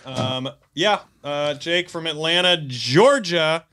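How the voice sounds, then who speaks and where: A man's voice: fairly high pitch, slow, sharp tone. A man co-hosting a podcast, joking and teasing in casual chat. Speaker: podcast co-host.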